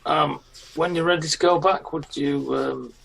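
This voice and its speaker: A man playing a calm, weary male lieutenant who speaks in a mild, unhurried way. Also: fairly high pitch, gravelly, breathy edge, heavily acted, poor audio.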